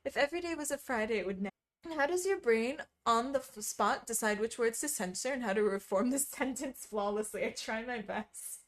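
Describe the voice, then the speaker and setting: A woman's voice: fairly high pitch, a little fast. A woman streaming casually, chatting with viewers while she stitches, full of wry asides and frequent laughter.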